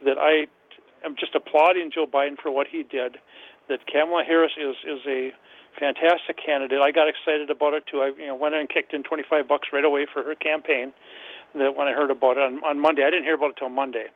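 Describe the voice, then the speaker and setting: A man calling in to a radio show, giving his opinion haltingly with many restarts. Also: a little high, flat delivery. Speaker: caller. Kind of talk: call-in opinion. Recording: tinny phone line.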